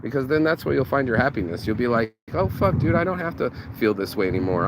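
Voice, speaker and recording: A man talks through a loose, profane motivational pep talk and piles up repeated words as he builds momentum. His voice sits mid-range. He records outdoors, and passing traffic is clearly audible behind him. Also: mid-range voice, fast. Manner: slangy, profane, repeats words when excited. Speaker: motivational vlogger. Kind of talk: casual motivational monologue.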